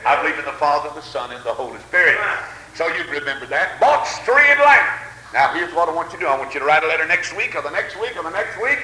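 A man's voice: on the high side, fast talker, bright, forceful tone, reverberant, poor audio. An older man preaching a revival sermon in a church, telling folksy stories and breaking in with fervent amens.

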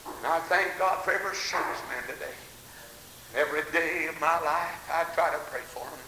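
Preacher guy, kinda high voice, goes from quiet storytelling to big shouts, old hissy church tape. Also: a little fast. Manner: swings from hushed storytelling to shouted exclamations. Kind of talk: fiery revival sermon. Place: church hall. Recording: echoey hall with faint tape hiss.

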